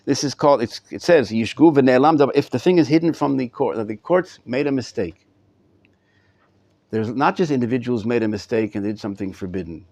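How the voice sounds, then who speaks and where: Rabbi teaching a live class to students. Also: male voice, mid-range voice, animated, fairly quick, a little mellow, no echo. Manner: talks to students in the room, repeats words while thinking. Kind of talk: live Torah class lecture. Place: classroom or study hall.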